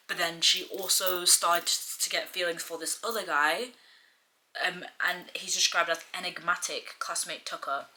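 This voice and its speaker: Young woman, chatty book vlogger; bright, slightly low voice. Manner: chatty, full of "like" and restarts. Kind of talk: casual reading vlog chat.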